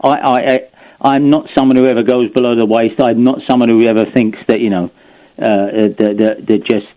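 A man's voice: medium pitch, fairly even intonation, a little fast. Rambling fifty-something man on a dull line. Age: 50s. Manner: rambling, stammering restarts, chuckles often. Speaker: guest, broadcaster and author. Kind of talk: casual radio chat.

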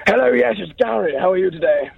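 A man's voice: sits high, expressive, fast, gravelly, breathy edge, exaggerated voice. A man doing a posh, polite older man who says he is hard of hearing, calling in over the phone with overly formal manners. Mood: prim. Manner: overly formal, calls the host sir. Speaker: prank caller. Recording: tinny phone line.

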